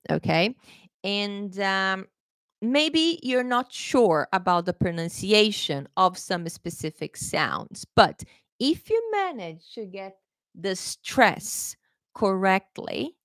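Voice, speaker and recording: A woman's voice: medium pitch, dry recording, studio quality. Chatty woman teaching pronunciation live. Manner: chatty, repeats "okay?" often, self-correcting. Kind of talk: live online lesson.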